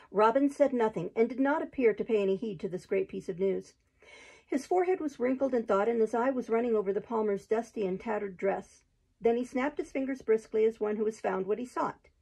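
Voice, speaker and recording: A woman hosting her own show, reading a storybook aloud in a steady, even narration. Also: on the high side, fairly quick, creaky, husky, rough recording.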